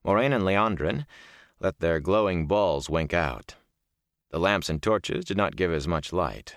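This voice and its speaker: A man narrating an audiobook in a steady, expressive storytelling manner. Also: deep voice, a little slow, no echo, studio quality. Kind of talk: scripted narration.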